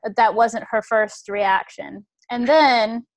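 A woman's voice: on the high side, takes it slowly. A woman hosting a conversation, telling a personal story in an earnest, reflective way. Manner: earnest and reflective, with frequent restarts.

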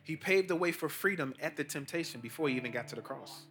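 A middle-aged pastor preaches with a fairly high voice that climbs sharply on key points. He mixes loose street slang into his sermon, and faint music plays behind him. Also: animated, fast, a bit bright. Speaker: pastor, team chaplain.

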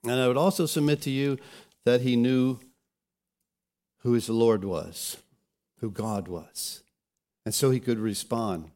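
Male preacher, sermon style, dramatic and swinging in volume, mid-pitched voice. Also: a little slow, long pauses. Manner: dramatic retelling, acting out quotes with big swings of loudness.

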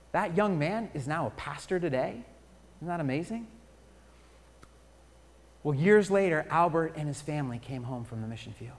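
A male pastor delivers a sermon with a high-pitched voice. He drops to hushed, pleading tones and then builds to loud, rousing calls to the congregation. The sound carries a long reverb from the church sanctuary. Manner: dynamic preaching, shifting from hushed pleading to loud exclamation.

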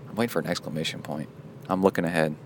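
A man with a fairly low voice hosts a laid-back podcast chat. He jokes and riffs freely, with a faint hum of background noise behind him. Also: fairly even intonation, racing. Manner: playful, joking, goofy asides. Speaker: podcast host.

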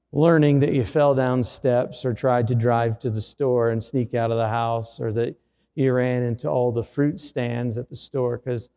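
A man's voice: mid-range voice, creaky, mellow, long reverb tail. A middle-aged man, a pastor, preaching a sermon through a personal story with self-deprecating humor.

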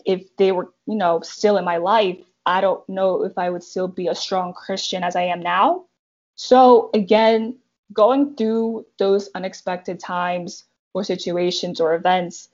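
A woman's voice: lowish voice, a little mellow, highs cut off. A young woman talking casually about her faith, chatty, with lots of fillers. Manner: chatty, fillers, emphatic counting. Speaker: panelist.

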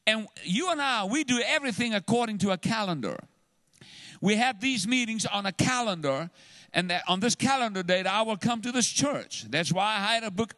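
A man preaching a sermon as a guest speaker, animated and exhortative, calling out to the church. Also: high voice, no room sound.

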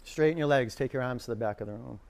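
A man's voice: medium pitch, fast talker, gravelly, darkish tone. A man teaching a power yoga class in a studio, calling out counts and cues and telling rambling stories between poses.

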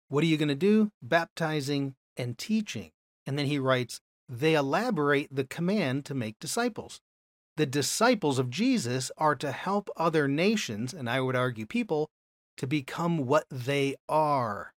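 A man's voice: on the high side, expressive, moderate pace, no echo. A man giving a Bible lesson as a teacher, explaining step by step and often checking in with "okay?". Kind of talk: classroom lecture.

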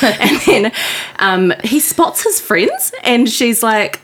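Animated New Zealand woman telling stories. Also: mid-range voice, takes it slowly. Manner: animated, giggly storyteller. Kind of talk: casual storytelling.

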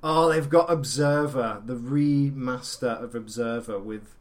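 A man's voice: medium pitch, measured pace. A man, co-hosting a casual chat, sweary and jokey, often slipping into silly voices.

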